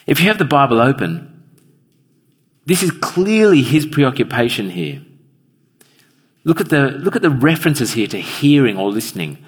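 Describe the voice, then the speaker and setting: Husky-voiced preacher in a reverberant hall. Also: male voice, mid-range voice, very animated, normal speed, pauses often. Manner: earnest, asks the listeners questions directly. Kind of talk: evening sermon. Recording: long reverb of a large hall.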